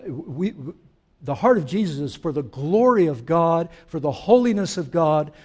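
High-voiced pastor preaching with humor. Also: male voice. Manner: conversational, joking asides to the congregation; swings from quiet reflection to emphatic declarations. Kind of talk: sermon.

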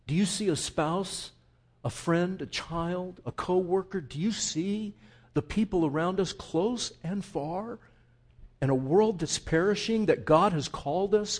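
A man's voice: on the high side, expressive, measured pace, breathy edge. A man preaching a sermon as pastor, full of rhetorical questions and rising outbursts.

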